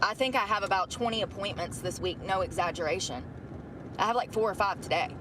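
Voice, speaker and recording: Brief: woman streaming from her car, blunt, swears a lot, mid pitch, road noise behind. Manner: blunt, profane, fast venting. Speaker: livestreamer. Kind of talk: rambling livestream talk. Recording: noisy car livestream on a phone.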